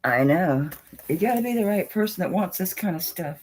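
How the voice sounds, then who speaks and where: Woman, low husky voice, lively pitch, folksy chatty jewelry seller, swears casually. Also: normal speed, a little hiss or hum, poor audio. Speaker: jewelry seller on a live stream. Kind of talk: casual live-stream selling chat.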